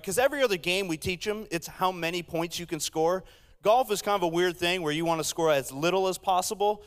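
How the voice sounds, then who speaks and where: A man's voice: on the high side, a bit bright, clear, resonant tone, big-room sound. A man in his thirties giving a humorous sermon, telling self-deprecating stories with playful asides to the congregation.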